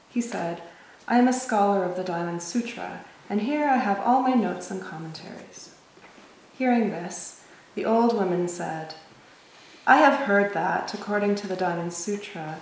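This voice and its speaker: A woman in a group reading a story aloud in a calm, measured way. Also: on the low side, creaky, slight background noise. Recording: very echoey room, mic far off.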